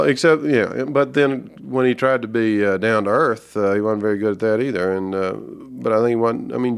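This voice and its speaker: Gravelly Georgia-accented man, halting. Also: on the low side. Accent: Southern US, Georgia. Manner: halting, many fillers and restarts. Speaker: author and guest. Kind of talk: reflective interview talk.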